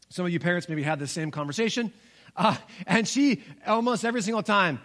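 A man's voice: high-pitched, animated, fairly quick, fairly bright tone. A man in his forties preaching a sermon as pastor, telling stories and acting out the voices in them. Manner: storytelling, acts out voices in quotes.

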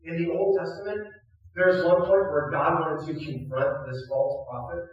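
Pastor, male, high voice, lively storytelling preacher, recorded at a distance in a reverberant hall. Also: moderate pace, dull audio. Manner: animated, acts out biblical figures with shouted punchlines. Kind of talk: sermon.

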